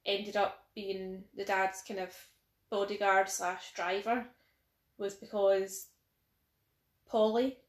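A woman's voice: medium pitch, little pitch movement, takes it slowly, pauses often. Chatty Scottish woman, echoey room. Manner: chatty, retelling a film with hedging fillers. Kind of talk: casual chat.

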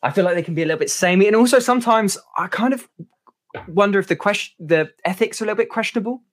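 A man's voice: high-pitched, very fast. A man guest on a podcast, talking casually in a rambling, hesitant way with many fillers. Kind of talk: casual chat.

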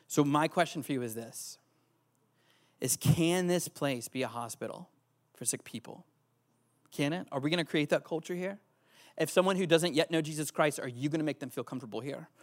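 Playful man preaching, higher voice. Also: moderate pace, pauses often, no echo. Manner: playful, teasing the audience. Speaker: youth pastor. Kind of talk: sermon.

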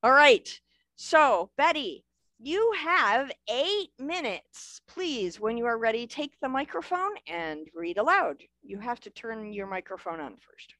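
A woman's voice: on the high side, sing-song, unhurried, pushed and bright, no room sound. A woman hosting a virtual book festival over a video call, bubbly and encouraging. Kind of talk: casual event hosting. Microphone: video call mic.

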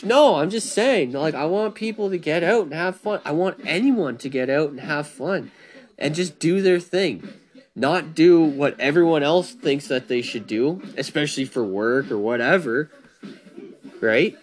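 A man giving a blunt, profane, animated rant about being yourself and not following the crowd, talking casually to listeners. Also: high-pitched, normal speed. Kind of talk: casual monologue.

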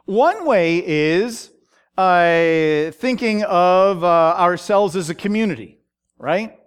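High, slow, halting male Bible teacher. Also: expressive, smooth. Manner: halting, many fillers, checks in with "okay?". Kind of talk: Bible study lecture.

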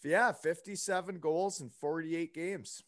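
A man's voice: a little high, steady tone, measured pace, a bit bright, no room sound, studio quality. A young man telling a story in casual chat, rambling with lots of fillers and asides. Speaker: podcast guest.

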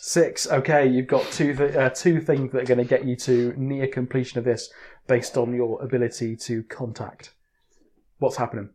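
A man's voice: mid-range voice, fairly even intonation, moderate pace, a little mellow, a little hiss or hum. A man running a comedic tabletop game podcast as game master, laughing often and restarting his sentences.

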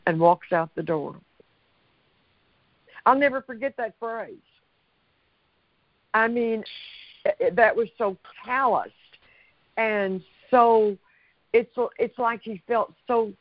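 A woman giving personal testimony in an interview, halting and hesitant, repeating her words. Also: medium pitch, no echo. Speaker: interview guest. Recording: dry, dull lo-fi sound.

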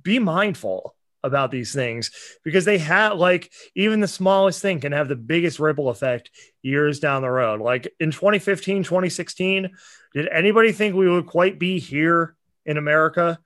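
Earnest, impassioned man, higher voice. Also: expressive, normal speed, fairly bright tone, no room sound, studio quality. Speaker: podcast co-host. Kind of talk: casual chat.

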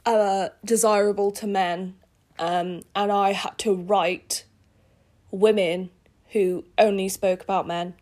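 A woman's voice: mid-range voice, steady tone, slow, darkish tone. Chatty young woman. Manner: chatty, swears, laughs at herself, goes off on rants. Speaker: reader of her old fan fiction. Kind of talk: casual reading and commentary.

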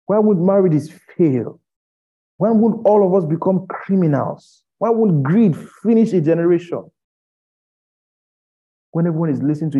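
A man preaching an impassioned sermon, firing rhetorical questions at his listeners and rising to loud pleading. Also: high-pitched, expressive, normal speed, pauses often, breathy edge. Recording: dull lo-fi recording.

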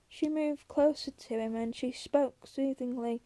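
A woman narrating a novel chapter in a plain, steady audiobook reading. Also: high-pitched, a little slow.

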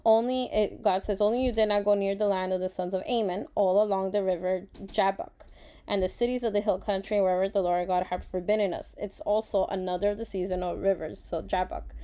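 Woman, Bible study vlogger, mellow voice, mid pitch, reflective, heartfelt. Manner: reflective, earnest, with frequent fillers; openly emotional and grateful. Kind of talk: casual Bible devotional reading.

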